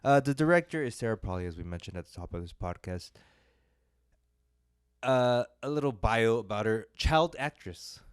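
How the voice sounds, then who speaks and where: Young guy on a movie podcast, kinda low smooth voice, super dry close mic, lots of uh and like. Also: expressive, moderate pace, no echo. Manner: rambling, filler-heavy, self-deprecating. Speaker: podcast co-host reviewing films. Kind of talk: casual podcast chat.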